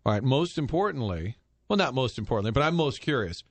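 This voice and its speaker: A man's voice: medium pitch, sing-song, quick pace, dry recording. A man hosting a sports radio show, joking with his co-hosts and plugging sponsors in a breezy way. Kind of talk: sports radio banter and live reads.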